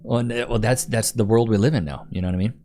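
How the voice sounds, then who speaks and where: A man's voice: mid-range voice, fast talker, mellow. A man in his thirties hosting a livestream, chatting casually with viewers and calling them bro and dude. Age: 30s. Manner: laid-back, slangy, calls viewers bro and dude. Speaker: livestream host. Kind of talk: casual livestream chat answering comments.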